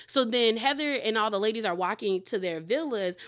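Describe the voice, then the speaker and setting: A young adult woman casually recapping a reality show episode, chatty and animated, with lots of "like" as she retells scenes. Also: a little high, fairly quick, smooth.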